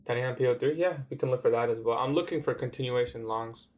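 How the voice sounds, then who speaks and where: A man's voice: mid-range voice, fast, a little mellow. Young Toronto man livestreaming trades. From Canada. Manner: laid-back slangy talk, reads out and answers chat. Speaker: day-trading livestreamer. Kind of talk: casual livestream chat.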